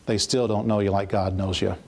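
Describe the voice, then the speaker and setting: A man's voice: on the low side, steady tone, a little fast, gravelly. A man preaching a sermon as pastor, reading scripture aloud and then retelling it in plain, earnest words. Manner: reads scripture aloud in King James wording, then paraphrases it plainly; earnest, with frequent repeated starts.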